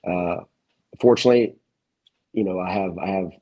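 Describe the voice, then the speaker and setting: A man's voice: deep voice, moderate pace, mellow, lo-fi sound. A man who owns a gym, talking as a podcast guest in a rambling, emphatic way with many restarts. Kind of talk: casual interview chat.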